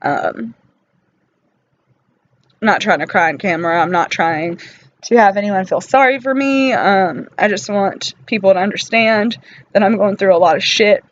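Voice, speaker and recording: A woman's voice: medium pitch, muffled recording, a little hiss or hum. Weary, emotional woman vlogger in pain. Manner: halting and apologetic, many pauses and fillers. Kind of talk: unscripted personal vlog.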